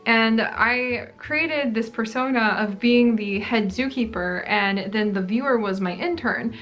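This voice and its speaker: A woman's voice: on the high side, a little slow, highs cut off. A woman hosting a gaming channel, chatting casually through a Q&A vlog in a rambling, friendly way. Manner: chatty, rambling, many "like" fillers.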